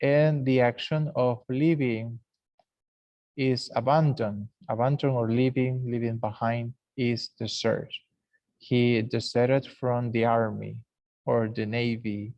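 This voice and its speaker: Give me a man teaching English slowly, repeating each example word. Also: mid-range voice, level tone, dry recording, highs cut off. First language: Spanish. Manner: explains slowly, repeats example words aloud. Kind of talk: classroom lesson recording.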